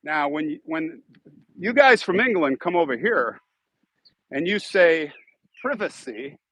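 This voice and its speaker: This man's voice sits on the high side with lively intonation, a little slow and a bit bright, and the audio's highs are cut off. He's a Chicago-accented YouTube host on a live stream, chatting loosely with viewers and thanking donors.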